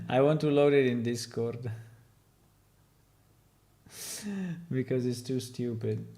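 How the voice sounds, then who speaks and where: Man, game developer, casual stream commentary, thinking aloud, mid-pitched. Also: animated, slow pace, dark tone. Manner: thinking aloud, reacting to test lines.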